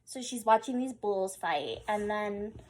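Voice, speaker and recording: A woman's voice: mid-range voice, unhurried. A drunk woman rambling through a comedic history retelling, slangy and profane, full of "like" and "oh my God". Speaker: storyteller.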